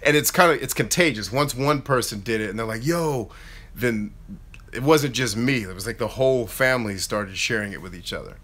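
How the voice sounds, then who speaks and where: A man in his thirties hosting a casual live Q&A, chatting in an animated way and reading out viewer questions. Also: medium pitch, fairly quick. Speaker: YouTube host answering live chat.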